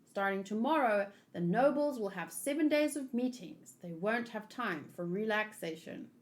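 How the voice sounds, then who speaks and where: A woman's voice: mid-range voice, expressive, moderate pace. A woman hosting a manga read-along, chatting casually and rambling as she thinks aloud. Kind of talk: casual chat and reading aloud.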